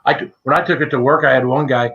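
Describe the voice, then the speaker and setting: A man in a casual chat, telling a relaxed anecdote. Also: mid-range voice, quick pace, slight background noise. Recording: dull lo-fi sound.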